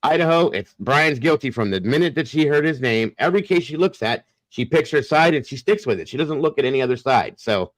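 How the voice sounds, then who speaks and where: A man's voice: mid-range voice, expressive, fairly quick, hardly any pauses, no room sound, rough recording. A man hosting a casual chat who turns blunt and profane when he gets heated. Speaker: host.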